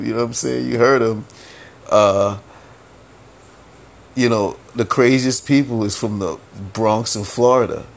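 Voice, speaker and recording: A man's voice: lowish voice, slow pace, creaky, slightly rough. Profane New man hosting a podcast. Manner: animated, profane, repeats filler phrases. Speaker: podcast host. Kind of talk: casual solo commentary.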